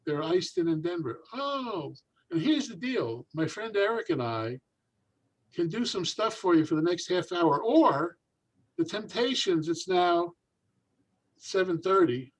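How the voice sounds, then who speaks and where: A man's voice: high-pitched, unhurried, poor audio. An older man, a magician, telling a long story in conversation and acting out the people in it. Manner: animated, acts out voices in his anecdotes. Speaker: guest magician.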